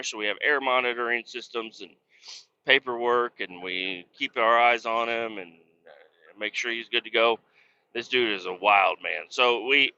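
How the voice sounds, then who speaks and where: A man's voice: mid-range voice, pushed and bright, smooth, dull audio. A man telling a profane, exasperated story about a chaotic coworker in a casual, mocking rant. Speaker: industrial cleaning worker telling a work story.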